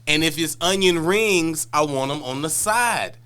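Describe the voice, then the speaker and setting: Smooth-voiced man ranting on a podcast. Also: on the high side, unhurried. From Wisconsin, US. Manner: relaxed storyteller, detailed rants. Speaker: podcast co-host. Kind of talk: casual comedic podcast chat.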